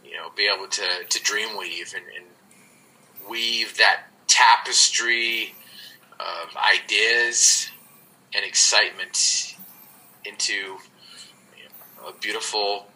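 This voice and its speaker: Earnest man with a bright voice. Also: lowish voice, steady tone, slow pace, long pauses, poor audio. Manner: earnest, reflective, with many restarts. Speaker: guest. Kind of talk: conversational storytelling.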